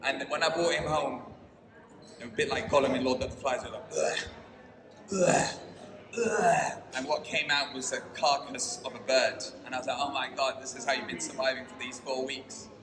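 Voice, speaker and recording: A man telling a personal story on stage, lively, acting out his own thoughts as quotes. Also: mid-range voice, fairly quick, crowd noise. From London. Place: stage at a live storytelling night. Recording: echoey hall, mic far off, noisy.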